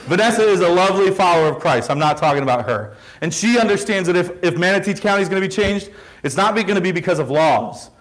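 Male pastor, high-pitched, emphatic sermon delivery full of rhetorical questions. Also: fairly bright tone, poor audio.

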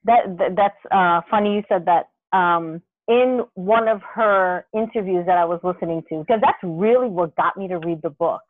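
A podcast co-host chatting casually, telling rambling, animated stories with many restarts and the odd curse word. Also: mid-range voice, normal speed, few pauses. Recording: dry, tinny phone-line sound.

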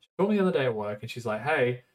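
A man trades wry, sweary banter on a gaming podcast. He also tells stories of his own in a relaxed, conversational way. His voice sits at an ordinary middle pitch for a man. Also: rapid-fire. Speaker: podcast co-host. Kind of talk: casual chat. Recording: podcast microphone.

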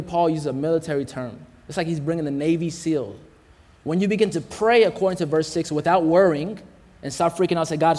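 A man's voice: a little high, dark tone. A man preaching a sermon in a casual, slangy way, calling out to the congregation, hot and sweating as he talks. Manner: casual, slangy preaching with call-outs to the crowd. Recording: long hall reverb.

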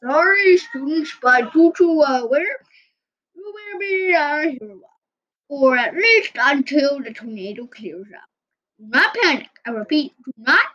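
A woman voicing a flustered male school principal making a halting loudspeaker announcement, on a dull lo-fi recording. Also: high-pitched, animated, voice pushed up, full character voice.

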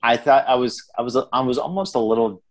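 Speaking a little fast in a medium-pitched voice, this man co-hosts a podcast and talks casually about a movie. He wanders through his review with frequent fillers and false starts.

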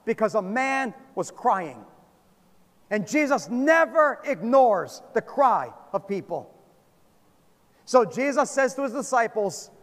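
A man preaching with a very high, lively voice that leaps from loud calls to hushed, low lines. His sermon rings through a long hall reverb, like a church sanctuary. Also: measured pace.

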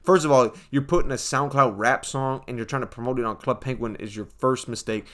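A man's voice: medium pitch, fairly quick, fairly bright tone. A young man hosting a casual comedic monologue, joking and slangy, often calling listeners folks.

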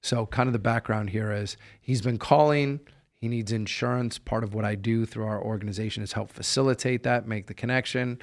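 A man hosting a heart-to-heart interview, telling stories in an earnest, upbeat way. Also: mid-range voice. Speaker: podcast host.

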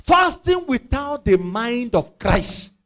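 A man's voice: very high voice, sing-song, takes it slowly, a bit bright. A male preacher, giving an impassioned sermon and acting out the scripture scenes in voices.

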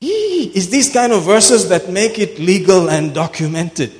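A man preaching a sermon in a slow, deliberate cadence, his voice sitting a little high for a man. He is emphatic, sinking to quiet murmurs and then breaking into sudden shouts. The long reverb of a church hall trails after every line.

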